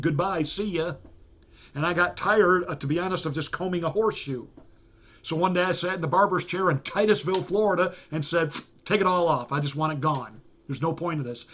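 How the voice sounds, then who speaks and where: A man's voice: on the high side, fairly bright tone. A middle-aged man, a pastor, delivering an emphatic, folksy political commentary monologue, repeating words for stress.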